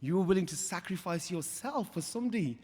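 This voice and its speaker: A man voicing a calm, gentle old wandering holy man. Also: sits high, brisk, husky, pitched above the performer's own voice. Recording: reverberant hall.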